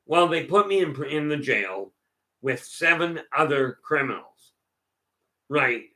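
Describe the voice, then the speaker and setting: A man's voice: medium pitch, animated, a little slow, bright, forceful tone. A man hosting a casual question-and-answer session, telling stories in a rambling way with many restarts. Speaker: host answering viewer questions. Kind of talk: casual live Q&A talk.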